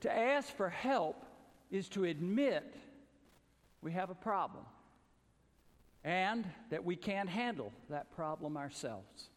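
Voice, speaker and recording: A man raised in the American South preaching a sermon, earnest, rising to emphatic calls and then dropping low and soft. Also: sing-song, slow pace, pauses often, long reverb tail. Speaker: pastor.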